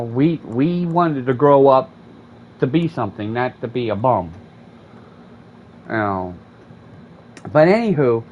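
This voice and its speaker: A man, telling a profane, rambling story in casual chat while streaming a game. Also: on the high side. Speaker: gaming streamer. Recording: dull lo-fi mic with faint air conditioning hum.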